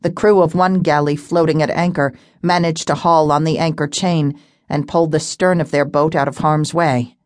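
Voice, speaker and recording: A woman narrating a fantasy novel audiobook in a steady, measured storytelling voice. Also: deep voice, dry recording, studio quality. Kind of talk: scripted narration.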